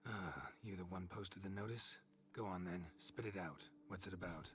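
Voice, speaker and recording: A man's voice: low voice, moderate pace, a bit bright, a little hiss or hum. An actor playing a blunt, sardonic male monster hunter, speaking in terse, dry lines of game dialogue. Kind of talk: video game voice acting.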